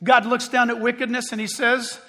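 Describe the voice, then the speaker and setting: Guy preaching with a really high voice, goes loud then hushed, long echo in a big hall. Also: little pitch movement, brisk. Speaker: pastor. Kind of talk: sermon.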